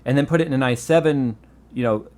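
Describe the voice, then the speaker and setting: A man's voice: mid-range voice, fast talker. A man from the United States hosting a casual tech podcast, telling stories with lots of laughing and swearing. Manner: animated storyteller, swears and laughs freely. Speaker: tech show host.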